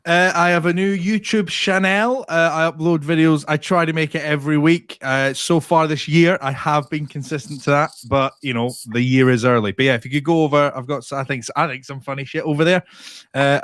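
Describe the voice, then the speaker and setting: A man's voice: medium pitch, steady tone, fairly quick, a bit bright, no echo. A Scottish man comedian chatting as a guest on a video call, sweary and self-deprecating. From Scotland. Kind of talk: casual chat.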